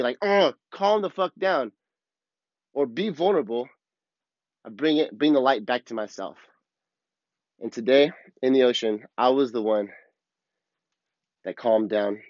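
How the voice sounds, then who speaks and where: A man's voice: mid-range voice, normal speed, long pauses, no echo, muffled recording. A man hosting a podcast, telling a personal story in an earnest, casual way and swearing freely. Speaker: podcast host. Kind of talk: casual reflective monologue.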